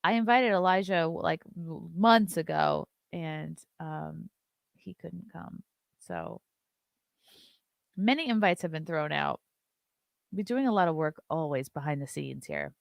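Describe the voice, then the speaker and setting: A woman's voice: low-pitched, a little slow, gravelly, no room sound, clean studio sound. A woman hosting a live-stream show, chatting loosely, reading viewer messages aloud and swearing casually.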